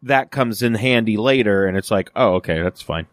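A man's voice: fairly low pitch, moderate pace, no echo, studio quality. A man co-hosting a podcast, chatting casually about a TV episode, with lots of fillers and restarts. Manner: rambling, many fillers and restarts, acts out quoted lines. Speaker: podcast co-host. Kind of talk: casual chat reviewing a TV episode.

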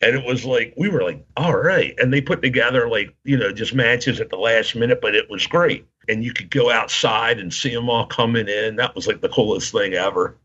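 A man's voice: medium pitch, normal speed, few pauses, bright, forceful tone, breathy edge. A man telling long, rambling stories in casual chat, laughing often and acting out what people said. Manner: rambling, laughing, acts out quotes. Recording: dull lo-fi sound.

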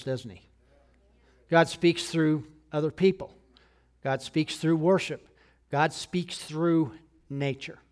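A middle-aged man, a pastor, preaching a sermon in a conversational way, often checking in with his listeners. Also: fairly high pitch. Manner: conversational preaching with frequent "okay?" check-ins.

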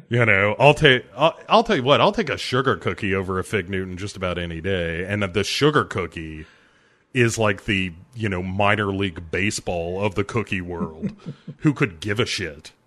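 A man with a fairly low voice talks through a film with his co-host in easygoing podcast chat. He laughs often and sometimes can't stop. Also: moderate pace, sharp tone. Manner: laughs often while talking. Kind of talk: casual movie-review chat.

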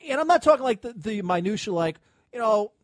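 A man hosting a podcast in relaxed chat from a home studio. His voice sits high and swoops about a lot. He drops curses and fillers as he goes. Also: fairly quick, no echo. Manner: loose, swearing, laughs often, trails off with fillers. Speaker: podcast host. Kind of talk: casual chat.

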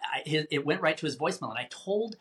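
Man, interview guest, dramatic storyteller, somewhat high pitch, stumbling repeats. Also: quick pace. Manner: animated, acts out quoted voices, repeats words.

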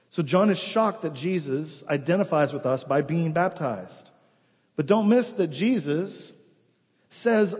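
A male pastor preaching a sermon, earnest, often dropping to a hushed, slow emphasis. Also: a little high, husky, in a large hall.

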